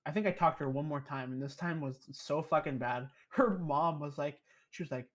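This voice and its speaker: A man's voice: a little high, a little fast, slight background noise. A young man, a podcast guest, telling rambling stories in casual, profane chat. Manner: profane, rambling, animated storyteller.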